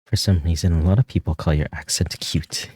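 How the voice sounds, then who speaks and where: A man with a neutral American accent, streaming and chatting casually while drawing, rambling and swearing, laughing often and jumping up in pitch when he jokes. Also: lively intonation, moderate pace, mellow, breathy edge, no echo, clean studio sound. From California. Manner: rambling, loose, swears often, laughs a lot, voice jumps high when joking.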